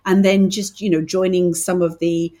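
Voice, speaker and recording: A middle-aged British woman with a fairly low voice talks easily as a podcast guest. She tells stories in a chatty way and restarts her sentences often. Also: flat delivery, normal speed. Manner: chatty, warm storytelling with many restarts. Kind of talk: casual interview chat.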